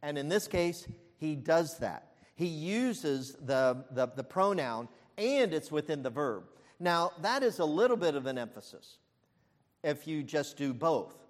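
A man preaching a sermon as pastor, emphatic, with frequent fillers and restarts and loud peaks. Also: fairly high pitch, animated, unhurried, in a large hall.

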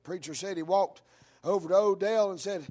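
A man preaching a fiery sermon in church, telling a story with a preaching cadence that rises into shouts. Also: sits high. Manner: preaching cadence, rising into shouts, drawn-out words.

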